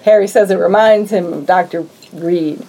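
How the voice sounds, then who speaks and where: Mellow-voiced woman recapping a film. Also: on the low side, normal speed, low-quality recording. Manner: lively storytelling, acts out lines from scenes. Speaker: podcast co-host. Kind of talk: casual movie recap chat.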